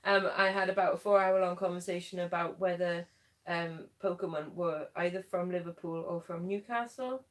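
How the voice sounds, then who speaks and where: A woman's voice: lowish voice, fairly even intonation, moderate pace. A Welsh woman co-hosting a casual live stream, talking in a laid-back, rambling way with lots of fillers. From Wales.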